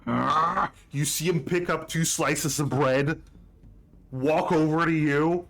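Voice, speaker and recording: Slow, halting game master, a man. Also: fairly high pitch, a bit bright. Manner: unhurried, halting with many fillers. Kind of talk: narrating a tabletop game.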